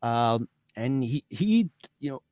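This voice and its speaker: A man hosting a podcast in casual chat, playful and quick with jokes, retelling scenes by acting out the lines. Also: mid-range voice, very animated, darkish tone, no echo. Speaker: podcast host.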